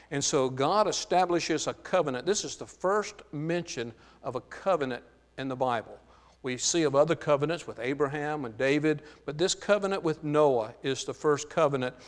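A man preaching a sermon, teaching from the Bible in a slow, emphatic way with frequent filler sounds. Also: medium pitch. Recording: long hall reverb.

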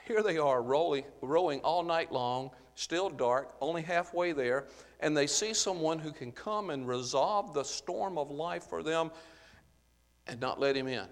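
Earnest preacher man in a reverberant hall. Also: a little high. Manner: earnest, explanatory, with frequent "uh" fillers. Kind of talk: Bible-teaching sermon. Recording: long reverb of a large hall.

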